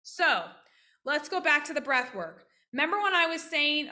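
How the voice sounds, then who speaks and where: A woman physical therapist teaching practice owners on a video call, lively and interactive, often asking questions. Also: sits high, normal speed. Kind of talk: casual online teaching with role-played examples.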